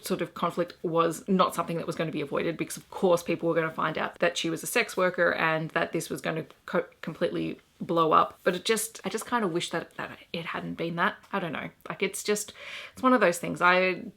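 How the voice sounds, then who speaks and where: A woman's voice: on the low side, fairly even intonation, brisk, creaky, a bit bright. A young Australian woman chatting through her recent reads in a casual, enthusiastic and rambling book vlog. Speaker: book vlogger.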